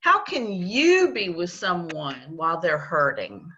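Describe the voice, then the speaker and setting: A woman teaching a children's Bible lesson on a video call, gently coaxing the kids and repeating her questions. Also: on the low side, wildly swooping pitch, a little slow. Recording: dull lo-fi video call audio.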